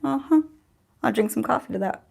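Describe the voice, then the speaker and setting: A woman's voice: a little high, expressive, fairly quick, vocal fry, a little mellow, breathy edge. A woman, hosting a casual beauty livestream from home in a chatty, sarcastic, laughing way. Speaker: beauty channel host.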